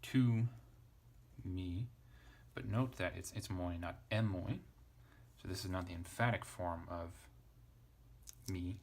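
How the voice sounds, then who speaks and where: Casual male teacher, deep and gravelly, who thinks aloud and spells out letters; faint noise underneath. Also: slow, pauses often, darkish tone. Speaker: Greek teacher. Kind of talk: casual lesson, parsing text aloud.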